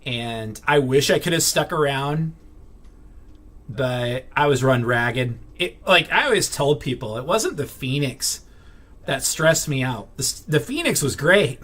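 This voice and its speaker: A man's voice: mid-range voice, expressive, unhurried, fairly bright tone. A man vlogging in a casual, rambling way, full of fillers and restarts, blunt and irritated as he vents and swears now and then. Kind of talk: casual venting to camera.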